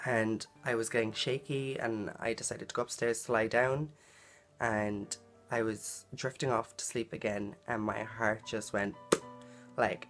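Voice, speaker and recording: A woman vlogging a personal story in a casual, earnest way, full of "like" and "um" fillers. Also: rumbling low. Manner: chatty, filler-heavy, frequent "like" and "um"; earnest and emotional in retelling.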